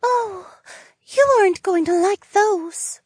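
A male narrator voicing a gentle, worried golden female spirit in an audiobook, speaking softly with concern. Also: extremely high pitch, slow, no room sound, clean studio sound, pitched above the performer's own voice. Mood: wary. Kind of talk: audiobook character voice.

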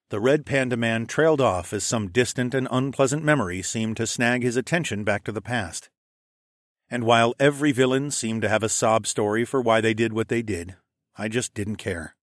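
A man's voice: lowish voice, animated, moderate pace, dry recording, clean studio sound. A man narrating a first-person fantasy audiobook in a wry, sardonic tone with casual swearing.

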